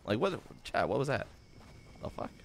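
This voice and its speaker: A man's voice: lowish voice, lively intonation, normal speed, very noisy. A man streaming a game live, swearing freely and greeting his chat by name.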